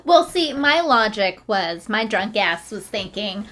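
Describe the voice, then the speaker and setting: A woman's voice: medium pitch, very animated, measured pace, fairly bright tone. A young woman talking casually as a guest on her fiancé's podcast, teasing and matter-of-fact, with some laughter. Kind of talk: casual conversation.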